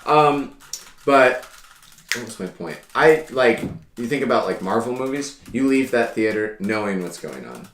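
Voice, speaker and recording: A man's voice: mid-range voice, very animated, a little slow, a bit bright. A young man co-hosting a movie podcast, chatting casually and laughing a lot. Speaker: podcast co-host. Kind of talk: casual chat. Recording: echoey room with faint noise.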